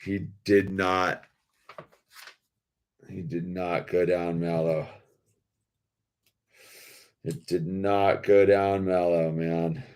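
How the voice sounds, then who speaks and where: A man's voice: deep voice, flat delivery, very slow, pauses often, darkish tone, clean tone. A man hosting a toy-building video in a laid-back, slangy way, saying dude a lot. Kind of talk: casual commentary while building.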